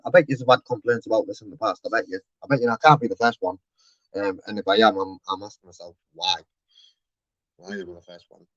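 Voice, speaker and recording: A man's voice: mid-range voice, dry recording. A man, complaining on a live-streamed phone call to customer service, chatty and mock-polite.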